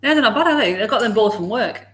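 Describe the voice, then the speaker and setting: Heavy background noise surrounds a woman whose voice sits fairly high; she's expressive and talks fast. Hosting a casual morning livestream from home, she greets viewers by name, laughs frequently and talks to her dogs.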